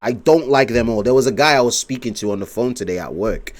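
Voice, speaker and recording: A man's voice: medium pitch, fast talker. A man streaming live, rambling in casual commentary, swearing and laughing often.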